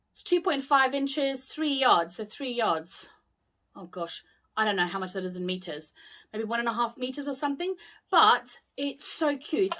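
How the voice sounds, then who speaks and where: A British woman with a fairly high voice talks through her shopping haul in an easy, chatty way. She gushes over each item and keeps exclaiming how cute things are, rambling warmly from one thing to the next. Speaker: haul vlogger. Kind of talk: casual haul video chat.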